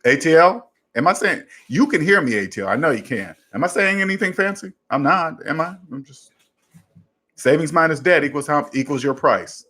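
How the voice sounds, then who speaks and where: A man's voice: a little high, expressive, moderate pace, bright, forceful tone. A man hosting a casual personal finance talk, giving advice to a listener in an emphatic, repetitive way, coming back to one simple formula again and again. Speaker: personal finance coach and show host.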